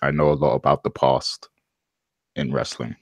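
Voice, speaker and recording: A man with a very deep, flat voice joins a casual podcast as a guest. He speaks hesitantly, with plenty of fillers and a self-deprecating tone. The sound is dry. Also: moderate pace, no echo.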